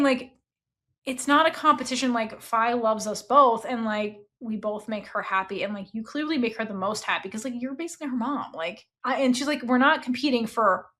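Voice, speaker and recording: A woman hosts a book club podcast and retells the story in loose, animated chat. Her voice sits a little higher than most, and she keeps dropping in "like" and "okay?" as she goes. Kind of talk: casual book review chat.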